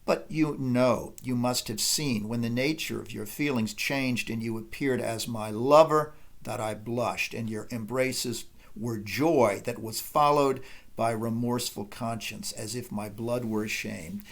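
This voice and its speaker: A man reading aloud the lines of a cold, spiteful wife, in a softer, quieter voice. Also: medium pitch, measured pace, pitched below the performer's own voice, close to an everyday voice.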